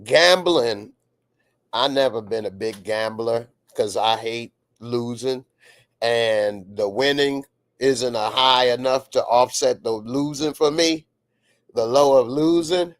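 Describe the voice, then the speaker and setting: A man giving a casual, excitable reaction to a TV episode as the channel's host, laughing often and sometimes rising to shouts. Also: mid-range voice, takes it slowly, dry recording, clean studio sound. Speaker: TV show reviewer.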